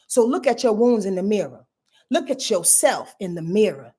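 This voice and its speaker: Give me an animated woman astrologer with a high, lively voice, talking straight to her viewers with features. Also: moderate pace, husky. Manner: emphatic, repeats phrases, laughs at own jokes. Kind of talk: live astrology reading.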